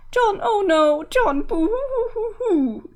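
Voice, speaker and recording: A woman's voice: high voice, very animated, fairly quick. A woman reading a webcomic aloud, voicing a grief-stricken young girl ghost who sobs "boo hoo" and pleads to go back. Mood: mournful.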